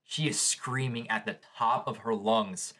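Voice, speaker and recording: A man's voice: mid-range voice, steady tone, a little slow, bright, forceful tone. A man hosting a live manga reaction, describing the panels aloud and reacting with shock to what he reads.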